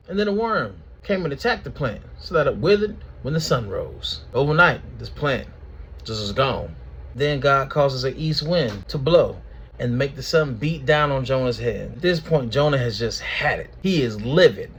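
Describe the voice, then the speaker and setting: Husky, animated man teaching the Bible. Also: fairly high pitch, moderate pace, lo-fi sound. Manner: slangy, animated storytelling. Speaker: host of Bible study video. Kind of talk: casual Bible study talk.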